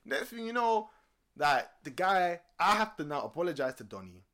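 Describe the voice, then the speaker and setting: A young man with a London accent, casually telling a story on a podcast, animated and laughing often. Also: moderate pace. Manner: animated, swings loud and high when excited, laughs often. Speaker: podcast co-host.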